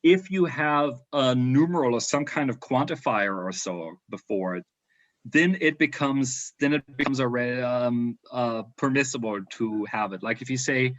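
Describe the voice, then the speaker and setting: A man's voice: medium pitch, moderate pace, a bit bright, dull audio. A man teaching a university language lesson online, explaining at length with many fillers and restarts.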